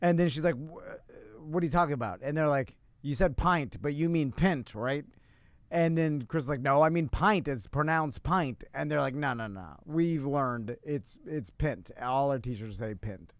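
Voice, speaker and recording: A man's voice: medium pitch, moderate pace, no echo. A man co-hosting a radio show, rambling through a story in casual banter and laughing as he goes.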